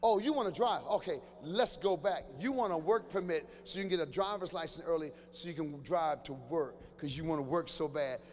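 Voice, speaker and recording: A male stand-up comedian riffing with someone in a live audience, teasing loudly and breaking into sudden shouted bursts. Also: on the high side, brisk, hardly any pauses. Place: large church hall before a live audience. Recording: reverberant hall with faint ambient noise.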